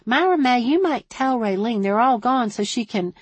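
A woman's voice: on the high side, animated, normal speed, no room sound, voice pushed up. Woman doing a gossipy switchboard operator. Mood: chatty. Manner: gossipy and eager, a bit defensive. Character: chatty small-town woman switchboard operator.

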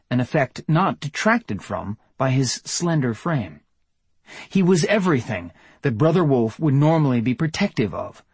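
A man reading fiction aloud as an audiobook narrator, in a steady, even storytelling delivery. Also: medium pitch, husky, no room sound. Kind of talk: scripted narration.

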